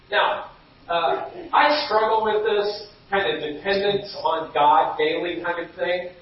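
A man's voice: high-pitched, animated, slow pace, a little hiss or hum. A middle-aged man preaching a sermon as pastor, telling stories and acting out quotes. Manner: storytelling with acted-out quotes, rising to shouts. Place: church sanctuary. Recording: dull, echoey hall from far off.

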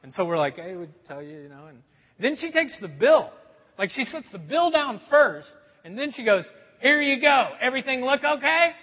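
A man's voice: sits high, very animated, moderate pace, breathy edge, in a large hall, lo-fi sound. A man preaching a sermon, telling stories in a conversational way and asking the audience questions. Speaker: pastor.

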